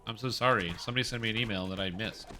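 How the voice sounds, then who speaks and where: Streamer guy rambling n joking, lowish voice but real bright, quiet music under it. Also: very fast, a little hiss or hum. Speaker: game streamer. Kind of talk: casual chat while playing.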